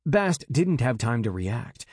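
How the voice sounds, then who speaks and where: A man narrating an audiobook in a measured, dramatic way on a close mic. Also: medium pitch, very animated, darkish tone, breathy edge, dry recording.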